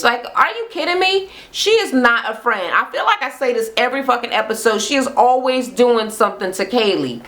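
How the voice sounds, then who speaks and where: Profane, animated woman ranting a recap. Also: on the high side. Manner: profane, animated, acts out quotes in voices. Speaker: reality TV recap host. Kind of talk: casual recap rant. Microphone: camera mic, talking to camera.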